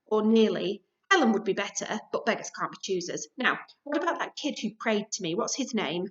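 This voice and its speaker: A woman reading a storybook aloud, voicing a bossy, boastful male god stuck as a hamster who squeaks, sulks and booms. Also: animated, brisk, lightly acted. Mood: squeaky huffy. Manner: huffy, squeaky, booming when proclaiming. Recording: dull lo-fi recording.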